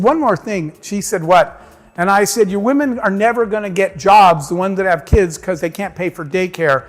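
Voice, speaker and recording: A man giving a keynote speech to a conference audience, telling a personal story and acting out the dialogue. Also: high-pitched. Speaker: keynote speaker. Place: large conference hall. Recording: long hall reverb.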